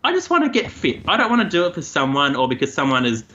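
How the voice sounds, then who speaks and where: A man's voice: on the high side, fast talker, dull audio, a little hiss or hum. A man, co-hosting a podcast and chatting casually about odd news stories. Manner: chatty, animated storytelling. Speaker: co-host.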